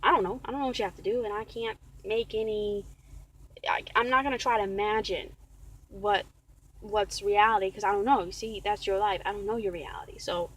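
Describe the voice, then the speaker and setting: A woman's voice: medium pitch, fairly even intonation, brisk, fairly bright tone, poor audio. A woman venting in a casual vlog rant, rambling and exasperated, often repeating herself. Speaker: vlogger.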